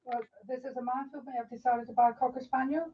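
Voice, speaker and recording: A dry, prodding woman calling out from across the room, her fairly high voice distant from the mic. The sound is dull and muffled. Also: steady tone, fast talker. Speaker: co-host reading out viewer questions. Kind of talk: off-mic remarks in the background.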